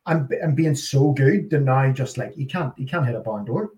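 A Scottish man thinking aloud about football, restarting his sentences as he weighs things up. His voice has a mid pitch, and the room around him is echoey. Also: lively intonation, moderate pace, darkish tone. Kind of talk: casual football chat.

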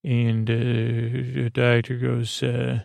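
A man hosting a sleep podcast, recapping an episode in a meandering, halting way full of fillers and restarts. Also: medium pitch, monotone, creaky, a little mellow, no room sound. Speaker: podcast host.

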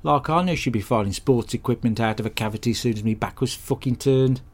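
Hapless crude bloke, played by a man, deadpan rambling monologue. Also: mid-range voice, fast talker, natural voice. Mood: grumbling. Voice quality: deadpan, sweary, rambling storyteller. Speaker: comedy podcast character host. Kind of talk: scripted comic monologue.

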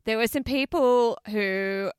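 A woman co-hosting a podcast, chatting casually and telling stories with excitement, laughing often. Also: on the high side, takes it slowly, clean tone, no echo. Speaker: podcast co-host. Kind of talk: casual chat.

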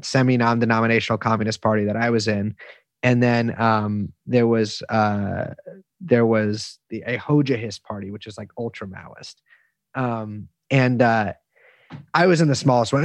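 A man's voice: medium pitch, no echo. A man telling stories as an interview guest, rambling through restarts and fillers and swearing freely. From United States. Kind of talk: casual storytelling interview.

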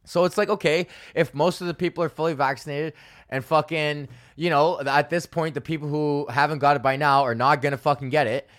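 A man's voice: on the high side, fairly even intonation, brisk, fairly bright tone. Profane ranting male comedian. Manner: profane, exasperated, sarcastic. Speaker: podcast host and stand-up comedian. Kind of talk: casual ranting monologue.

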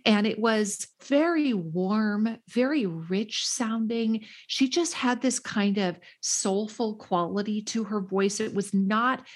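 A woman host telling a story in casual chat, animated and quick to laugh, acting out what people said. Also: mid-range voice. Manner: animated, laughing, acts out quotes in voices. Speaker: podcast host.

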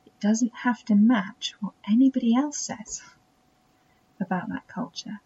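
Woman podcast host, self-taught English accent, warm husky voice, soft and reflective, near-whispered asides, muffled sound. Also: fairly high pitch, a little slow, slight background noise. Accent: self-taught English accent that drifts toward American. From England. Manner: soft and intimate, slipping into breathy near-whispers. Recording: dull, muffled recording.

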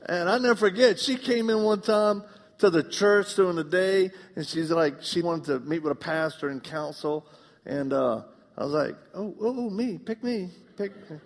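Southern male preacher, gravelly voice, comic storyteller; long hall reverb. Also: on the high side, moderate pace. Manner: humorous storytelling, acts out dialogue. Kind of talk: live sermon. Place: church.

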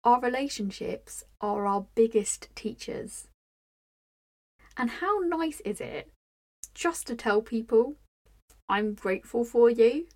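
A young woman hosting her own podcast, talking candidly and with feeling about her life, with frequent "like" fillers and restarts. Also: on the high side. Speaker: podcast host. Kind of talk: personal reflective monologue.

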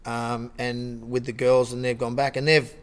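Australian man, middle-aged, casual storyteller, mid-pitched, acts out every quote. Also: normal speed, clear, resonant tone. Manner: animated storytelling, acts out quotes, frequent restarts. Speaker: guest storyteller. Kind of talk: casual anecdote.

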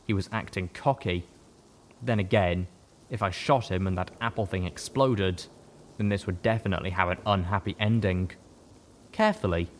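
A man giving a first-person audiobook narration with steady storytelling. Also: deep voice, slight background noise.

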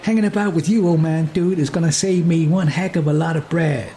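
A man's voice: on the high side, a little fast, dark tone, a little hiss or hum, voice pushed up, close to an everyday voice. A man voicing a laid-back young male hippie with a drawling, spaced-out manner. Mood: dreamy.

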